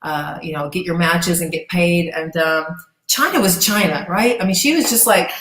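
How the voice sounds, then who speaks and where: A woman's voice: lowish voice, moderate pace, fairly bright tone, roomy sound, low-quality recording. A middle-aged woman, a former gladiator guest, telling a casual and profane story in an interview.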